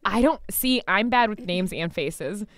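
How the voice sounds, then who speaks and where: A woman's voice: medium pitch, a little slow, no echo, studio quality. A young adult woman co-hosting a casual podcast, a hairstylist who teases, giggles and acts out her stories. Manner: giggly, teasing, lively storyteller.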